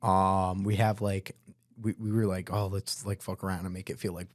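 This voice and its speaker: Laid-back young man, low dry voice. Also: little pitch movement, normal speed, no echo. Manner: laid-back, slangy, says "bro" and "like" a lot. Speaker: guest vocalist. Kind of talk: casual podcast storytelling.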